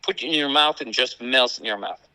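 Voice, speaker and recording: A man with an Italian accent, a guest in a casual chat, talking in an animated way. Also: mid-range voice, a little fast, dry recording, rough recording. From Italy. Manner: animated, acts out family quotes.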